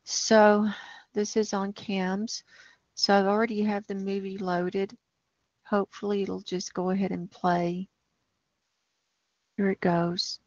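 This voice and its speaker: A woman hosts a livestream, talking slowly and with rising alarm as she points out data on a map. The sound is dry and a little dull, with no room around it. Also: medium pitch, flat delivery, dry recording. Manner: alarmed, ranting, talks over a map. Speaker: livestream host. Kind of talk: livestream commentary on data maps.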